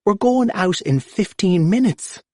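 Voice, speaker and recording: A harried mam, shrill and exasperated as she scolds, put on by a male narrator. Her voice jumps well above his own. The recording is close and dry. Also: expressive, unhurried, no room sound. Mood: scolding. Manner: yelling, exasperated.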